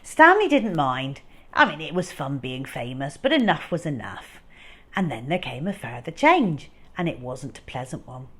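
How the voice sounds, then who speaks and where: A woman reading a children's storybook aloud, expressive and unhurried. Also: sits low, slightly rough.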